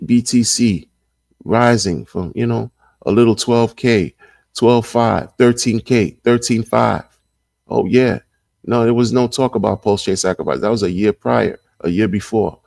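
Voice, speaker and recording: A man's voice: on the low side, creaky, darkish tone, dry recording, clean studio sound. A man hosting a casual livestream and reading the chat, talking in an emphatic, slangy way and repeating his points over and over. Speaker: crypto livestream host.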